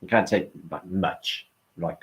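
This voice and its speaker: A man's voice: low-pitched, slow pace. A man hosting a late-night livestream, rambling and swearing as he chats with his viewers and answers their comments. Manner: rambling, sweary, chatty with the audience. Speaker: livestream host.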